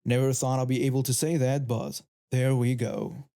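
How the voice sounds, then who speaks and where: A man reads a first-person story aloud in scripted narration. His voice is dark and mellow, with a middle pitch. He keeps an even, steady delivery throughout. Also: moderate pace, creaky.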